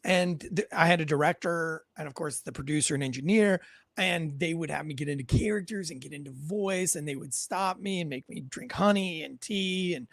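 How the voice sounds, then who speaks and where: A man's voice: on the high side, normal speed, vocal fry, fairly bright tone, no room sound. A man hosting a podcast in a casual, rambling storytelling way, often restarting his sentences. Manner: rambling, self-correcting storyteller. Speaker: podcast host.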